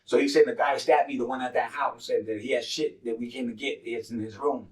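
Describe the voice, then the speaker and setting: A man's voice: medium pitch, steady tone, brisk, echoey room, distant mic, rough recording. A man casually telling a street story as host, cursing freely and dropping streetwise slang. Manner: profane, streetwise slang, repeats "money" as a filler.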